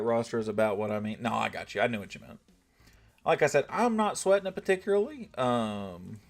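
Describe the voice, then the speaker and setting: A man's voice: mid-range voice, vocal fry. A young man with a Southern US accent, chatting casually with his viewers while streaming a game, joking and laid-back. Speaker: gaming streamer. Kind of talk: casual live-stream chat.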